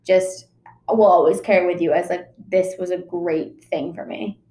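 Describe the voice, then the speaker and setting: A woman's voice: lowish voice, steady tone, moderate pace, dark tone. A woman interviewing a guest in casual chat, encouraging her with short affirmations. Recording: roomy echo.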